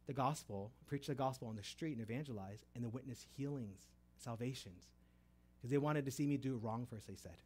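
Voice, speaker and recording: An animated preacher, telling his testimony with lively storytelling. He acts out the voices in the dialogue he retells, with a voice of middling pitch. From Texas. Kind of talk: testimony sermon.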